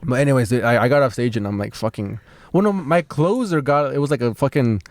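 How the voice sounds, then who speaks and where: A man's voice: mid-range voice, fast talker, no echo. A man, a stand-up comic and podcast co-host, telling a story in casual chat, swearing freely and acting out the people in it. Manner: animated, swearing, acts out voices.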